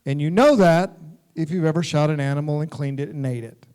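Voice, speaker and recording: A middle-aged man from the United States talks on a convention stage, a touch higher in pitch than most men. He tells stories with animation and keeps breaking into laughter as he goes. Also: fairly quick, smooth. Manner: animated anecdotal storytelling, laughing often. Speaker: guest actor.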